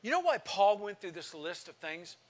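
A man in his sixties teaching a Bible class in sermon style, reading scripture with passion and swinging from soft to loud. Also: high voice, very animated, normal speed. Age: 60s.

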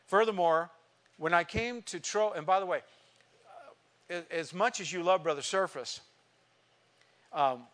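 A man's voice: fairly high pitch, fairly bright tone. A male pastor preaching a sermon, telling a personal story with emotion and building to emphatic exhortation. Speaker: visiting pastor.

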